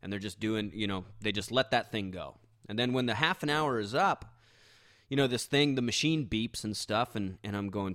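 A man's voice: on the low side, moderate pace, fairly bright tone, dry recording, clean studio sound. A man hosting a podcast, telling an embarrassing story in a rambling, self-mocking way with many restarts. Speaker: podcast host. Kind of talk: casual storytelling monologue.

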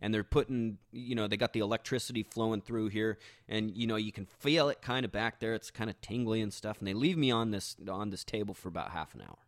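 A man's voice: on the low side, animated, fairly quick, few pauses, dry recording, clean studio sound. Rambling self-mocking male podcaster. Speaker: podcast host. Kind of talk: casual storytelling monologue.

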